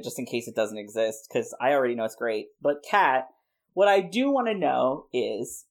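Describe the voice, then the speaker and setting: Playful podcast host rambling along, chatty and loose, fillers everywhere. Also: mid-range voice. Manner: playful, rambling, frequent laughs and many "like" fillers. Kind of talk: casual chat, pitching a comic plot.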